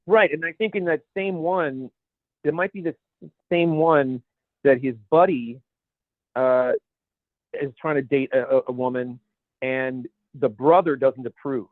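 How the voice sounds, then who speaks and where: A man's voice: mid-range voice, fairly even intonation, unhurried, long pauses, no room sound. A man co-hosting a podcast in casual chat, rambling and searching for words as he goes. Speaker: podcast co-host. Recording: dry, phone-like narrow sound.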